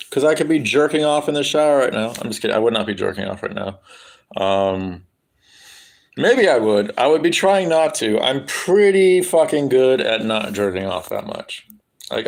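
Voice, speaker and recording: A man's voice: medium pitch, gravelly. A young man live streaming, chatting casually in a rambling, crude, joking way with lots of ums.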